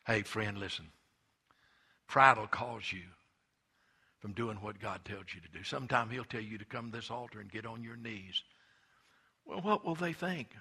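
A middle-aged man preaching a sermon, telling stories and swinging between hushed asides and impassioned emphasis. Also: lowish voice, expressive, moderate pace, long pauses, breathy edge. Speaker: pastor.

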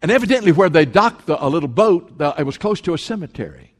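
A man's voice: on the high side, expressive, quick pace. A man preaching a sermon as pastor, emphatic and repeating his points for stress. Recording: long hall reverb.

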